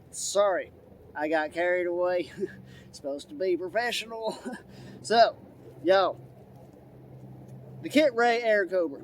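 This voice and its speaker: A man putting on a loud, excitable redneck who hollers, begs and drawls "y'all" while reviewing gear. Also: sits high, a little hiss or hum. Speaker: host. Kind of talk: product review.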